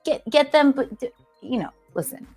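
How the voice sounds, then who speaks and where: A woman's voice: high-pitched, lively intonation, moderate pace, darkish tone, slightly rough, faint music behind. A woman hosting a livestream in casual chat, playful and talkative, often restarting her sentences. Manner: chatty and playful, with many restarts. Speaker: livestream host.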